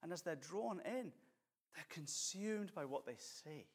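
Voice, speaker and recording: A man's voice: a little high, expressive, a little slow, husky. A man preaching a conversational sermon as pastor, mixing jokes and acted quotes.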